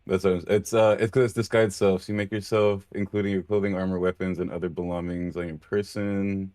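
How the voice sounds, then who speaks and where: A man's voice: sits low, little pitch movement, warm tone, no echo, studio quality. A man playing in a tabletop role-playing game, talking through his turns and rolls. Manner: halting, stammering in character. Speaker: player.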